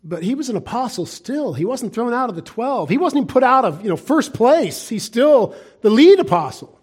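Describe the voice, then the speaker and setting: A man preaching a sermon in an earnest, pleading way, swinging from loud urging to hushed asides and chuckling through his points. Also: very high voice, very animated, moderate pace, breathy edge. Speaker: pastor.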